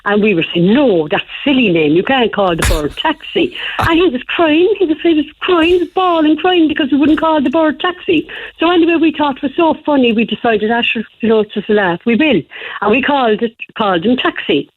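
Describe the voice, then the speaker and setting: An Irish woman calls in to a radio show and tells a rambling, chatty story in a high, expressive voice at a fairly quick pace. The phone line sounds muffled.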